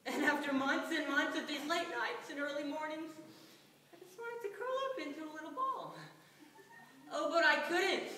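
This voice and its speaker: A woman's voice: high voice, noisy background, natural voice. A teenage girl performing a stage monologue as a vain, wounded ventriloquist's puppet, with sarcastic, melodramatic storytelling. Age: teens. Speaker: student performer. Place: school hall stage. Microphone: distant room mic. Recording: echoey hall from far off.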